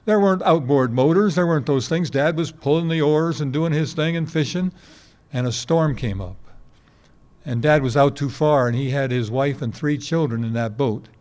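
A man's voice: a little high, moderate pace, darkish tone. A man in his eighties preaching a sermon to a congregation, telling folksy stories and asking rhetorical questions. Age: 80s. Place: before a congregation.

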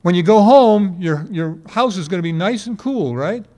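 A man's voice: high voice, lively intonation, normal speed, a little mellow. A man in his eighties preaching a sermon to a congregation, telling folksy stories and asking rhetorical questions. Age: 80s. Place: before a congregation.

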